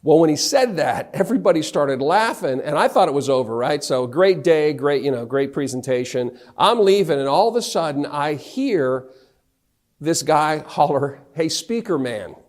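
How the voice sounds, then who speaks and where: Animated middle-aged male keynote storyteller. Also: on the high side, normal speed. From North Carolina, US. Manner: animated, acts out the dialogue of his anecdotes. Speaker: motivational speaker.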